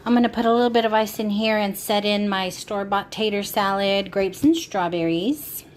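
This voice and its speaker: Woman vlogger, worried and talkative, shot on a phone outside with clear background noise. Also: medium pitch, moderate pace, rough recording. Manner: anxious, chatty storytelling. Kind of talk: casual vlog talking to camera. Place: outdoors by a grill. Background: wind and outdoor ambience.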